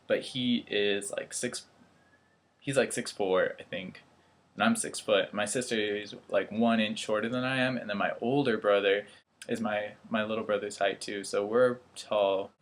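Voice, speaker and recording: A man's voice: lowish voice, fairly even intonation, normal speed. A young man vlogging in casual chat, rambling and poking fun at himself. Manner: rambling, self-deprecating, laughs at himself. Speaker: vlogger, airman.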